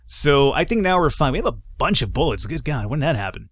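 A man's voice: medium pitch, sing-song, quick pace, a bit bright, no room sound, studio quality. A man casually commentating a game he plays, chatty and joking, reading dialogue in voices. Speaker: gaming YouTuber. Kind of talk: let's play commentary.

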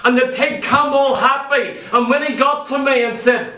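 A male preacher with a very high, piercing, bright voice delivers an emphatic sermon full of rhetorical questions. He picks up from a distance, and the church hall around him rings with echo. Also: fairly even intonation, normal speed. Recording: echoey church hall, voice from far off.

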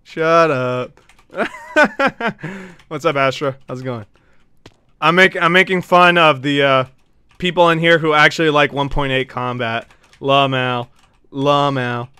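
A man's voice: a little high, slow, long pauses, bright, forceful tone, clear, resonant tone, no room sound. Brash, teasing male streamer. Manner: brash, teasing and profane, with frequent laughs. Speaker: gaming streamer. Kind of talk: casual live-stream chat.

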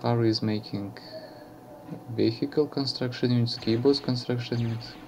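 A man from Russia with a Russian accent, commentating a strategy game match in halting English with many fillers and self-corrections. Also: medium pitch, fairly even intonation, a little mellow, slight background noise.

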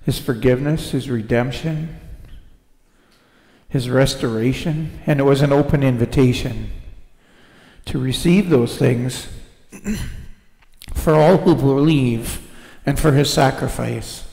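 In a church sanctuary full of long, roomy reverb, a pastor preaches at a slow, deliberate pace, praying and retelling scripture while tossing in rhetorical "right?" asides to draw people in. His medium-pitched voice is warm, with vocal fry.

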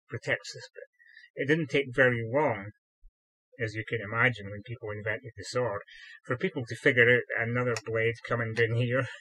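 Male presenter, husky, forceful tone, wry and meandering. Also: medium pitch, no room sound, poor audio. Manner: rambling, dry humor, many fillers. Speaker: historical fencing presenter. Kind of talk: casual explanatory talk to camera.

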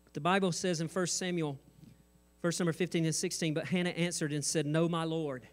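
Male pastor, higher-pitched, preaching from a church stage with joking asides that build to fervor. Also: steady tone, brisk. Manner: jokes and asides, rising intensity. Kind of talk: sermon.

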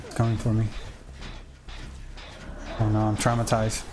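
A man streaming a horror game, talking through his play, reacting loudly and yelling warnings at teammates. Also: on the low side, measured pace, noisy background. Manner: excitable, shouts warnings at teammates, swears. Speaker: gameplay streamer. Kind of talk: live gameplay commentary.

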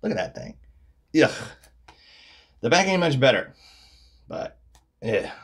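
A man's voice: medium pitch, very animated, slow, breathy edge. A man casually commenting on his baseball card collection, wry and mocking, often trailing off into mumbled asides.

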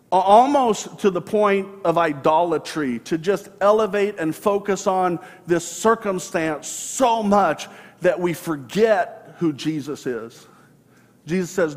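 A man's voice: high-pitched, long reverb tail. A man preaching a sermon as pastor, retelling a story earnestly and acting out the quoted voices. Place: church sanctuary.

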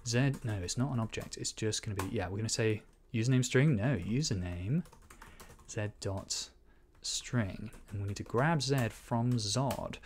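A man works through a programming task out loud, half talking to himself as he reads out code. He corrects himself often and stops now and then to explain a point like a teacher. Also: fairly low pitch, slight background noise. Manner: thinking aloud, muttering code as he types; quick self-corrections and asides. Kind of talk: live-coding commentary.

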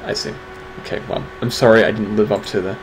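A man's voice: fairly low pitch, steady tone, quick pace, a little hiss or hum, poor audio. A man hosting a casual livestream awards segment, talking in a wry, sarcastic, rambling way. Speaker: stream host presenting community awards.

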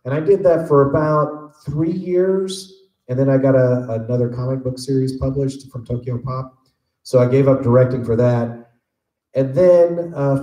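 A man answering fan questions on a convention panel, relaxed and jokey, rambling through stories. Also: medium pitch. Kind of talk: casual storytelling Q&A. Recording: echoey convention room.

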